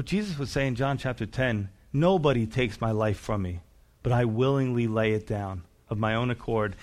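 Expressive male pastor preaching. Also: mid-range voice. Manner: expressive preaching, acting out quoted voices, rising emphatic questions. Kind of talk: sermon.

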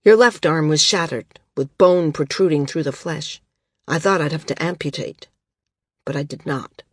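Woman doing a low husky guy, calm healer, steady and serious, dry sound. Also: no room sound. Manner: calm, measured and bitter at times. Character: grave gentle man, island healer.

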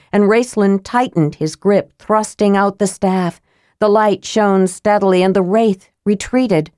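A woman reading a fantasy novel aloud as an audiobook narrator, in measured, even storytelling. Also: mid-range voice, no echo, clean studio sound.

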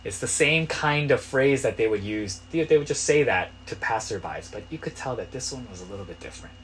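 A male pastor preaching a sermon in a conversational way, building to loud, pleading cries. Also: mid-range voice, lively intonation, fairly quick, slight background noise.

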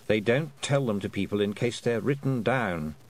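A man's voice: expressive, normal speed, darkish tone, close to an everyday voice. A man voicing a dry, knowing male talking toad who murmurs wry asides. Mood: confiding. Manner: low, confiding, wry. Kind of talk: audiobook character voice.

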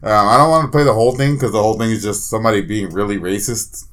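A man's voice: lowish voice, quick pace, a bit bright. A man hosting a casual reaction chat, slangy and cursing. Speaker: host playing clips.

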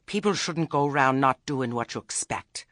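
A man's voice: medium pitch, lively intonation, moderate pace, fairly bright tone, no echo, clean studio sound, pitched above the performer's own voice, close to an everyday voice. A man doing a timid, plaintive village man. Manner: weak, plaintive rustic speech. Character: timid, worried male villager.

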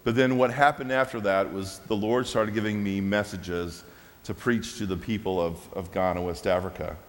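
A man telling a personal testimony during a church service, animated and laughing at his own story. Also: on the low side, moderate pace. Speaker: preacher sharing a testimony. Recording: long hall reverb.

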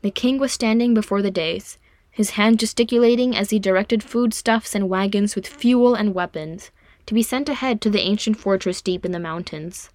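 A woman reading a fan fiction story aloud in an even storytelling manner. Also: medium pitch, normal speed, no echo, studio quality. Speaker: audiobook reader. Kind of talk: fan fiction audiobook narration.

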